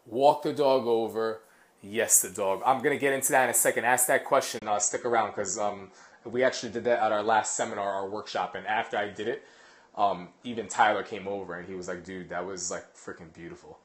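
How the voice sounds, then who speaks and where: Rambling dog trainer explaining casually. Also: male voice, on the low side, steady tone, a little fast. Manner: rambling, many fillers and restarts. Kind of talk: casual instructional talk. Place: apartment.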